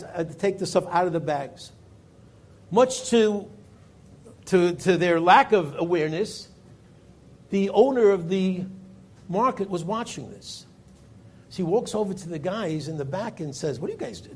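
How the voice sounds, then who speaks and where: A man, a rabbi telling a story in a Torah class, his voice climbing for emphasis and dropping low for quoted lines. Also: a little mellow, husky.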